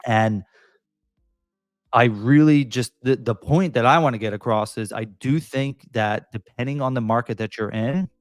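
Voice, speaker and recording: A man's voice: medium pitch, moderate pace, no room sound, soft background music. Rambling Philly-accented man, dry sound. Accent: Philadelphia. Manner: conversational, rambling with fillers and restarts. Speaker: real estate broker livestream host. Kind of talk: casual livestream commentary.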